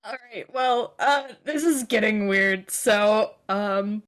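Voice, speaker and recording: A woman's voice: medium pitch, takes it slowly, fairly bright tone, smooth. Giggly, hesitant woman player. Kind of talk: casual tabletop play.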